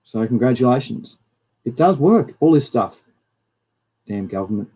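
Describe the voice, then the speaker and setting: An Australian man hosts a live stream, rambling through news items and chat messages. His voice is dark and mellow, and he gets worked up and indignant as he goes. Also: medium pitch, a little slow, husky, poor audio. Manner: animated, ranting, reads news and chat aloud. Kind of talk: casual live-stream commentary.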